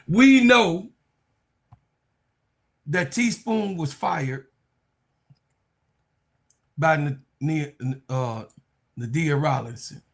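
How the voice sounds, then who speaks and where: A man hosting a casual sports talk stream, reading viewer comments aloud. He is under the weather and breaks into loud, animated outbursts. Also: a little high, very slow, gravelly, pauses often. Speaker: sports talk show host.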